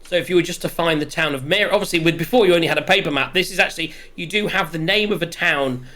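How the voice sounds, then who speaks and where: Loose, halting game master. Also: mid-range voice, a bit bright. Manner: loose, halting, full of restarts. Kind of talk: narrating a tabletop game.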